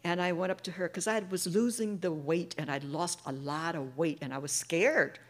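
A middle-aged woman sharing her personal testimony with a recovery group, an animated storyteller who acts out the voices of the people in her story. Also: lowish voice, normal speed. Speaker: speaker sharing at a recovery meeting.

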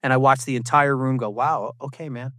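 A man sharing his recovery testimony at a meeting, telling it as an animated story with self-mocking asides and quick impressions of other people. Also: mid-range voice, dry recording, clean studio sound. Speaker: recovery program speaker. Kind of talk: personal testimony talk.

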